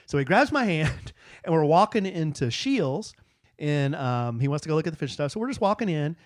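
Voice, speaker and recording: A man's voice: on the high side, very animated, moderate pace, no echo, clean studio sound. A man co-hosting a podcast, telling family stories in a rambling, easygoing way with frequent restarts. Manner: rambling, warm anecdotes with repeated restarts. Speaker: podcast co-host. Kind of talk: casual chat, storytelling.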